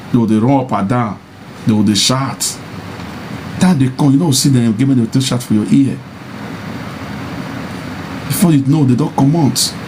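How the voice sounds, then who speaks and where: A man with a Nigerian Pidgin accent preaching about marriage to men in a monologue. He repeats his points and rises into high mocking taunts. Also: mellow, a little hiss or hum. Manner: insistent and repetitive, mocking, rising to high taunts. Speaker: social media personality.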